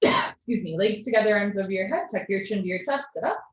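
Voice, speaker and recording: A woman's voice: medium pitch, quick pace. Woman calling yoga cues over a video call. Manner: calm spoken cues with gentle asides. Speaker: yoga teacher. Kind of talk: live online yoga class instruction. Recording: echoey lo-fi video call audio.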